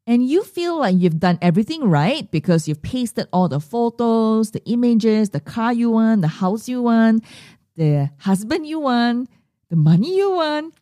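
A woman's voice: a little high, sing-song, a little slow, mellow, no echo, studio quality. A middle-aged woman hosting her money mindset podcast, telling stories animatedly and acting out the voices she quotes. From Singapore. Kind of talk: solo podcast monologue.

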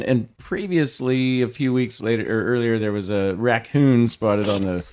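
A middle-aged man hosting a podcast, telling a story casually with lots of swearing and shouted quotes. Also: medium pitch, a little fast, few pauses, clean tone. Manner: profane, animated storyteller who shouts quoted lines. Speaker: podcast host.

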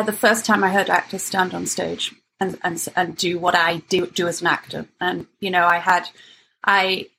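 A woman's voice: fairly low pitch, gravelly, bright, forceful tone, a little hiss or hum, low-quality recording. A woman writer and actor being interviewed, talking candidly and laughing easily at herself. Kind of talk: conversational interview.

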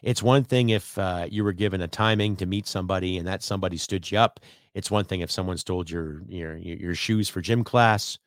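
A low-pitched man from Canada rants through his own podcast, blunt and salty, swearing freely as he rambles from point to point. His voice sits close and dry, with no room sound around it. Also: no room sound. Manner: blunt, profane, rambling rant. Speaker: podcast host. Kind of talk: ranting solo podcast.

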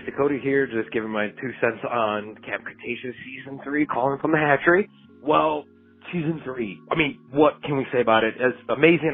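A man's voice: mid-range voice, husky. A man calling in with an upbeat, gushing voicemail review as a fan. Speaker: caller leaving a voice message. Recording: tinny phone line, faint music.

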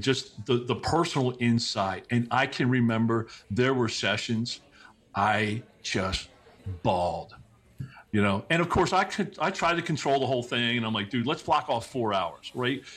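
A middle-aged man, a podcast guest, telling personal stories in a casual, animated way, with many restarts and quick asides. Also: medium pitch, husky. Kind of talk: casual conversational storytelling.

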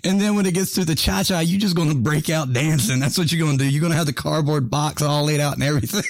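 A man's voice: on the high side, fast, no room sound. A man hosting a casual podcast chat. He laughs often, swears freely and tells stories with lots of animation. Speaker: podcast host.

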